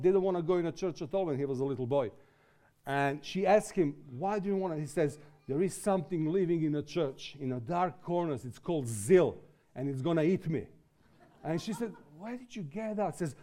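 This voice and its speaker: A man preaching a sermon in English, which is not his first language, building from quiet talk to impassioned exhortation. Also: a little high. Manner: impassioned, rises to shouting exhortation.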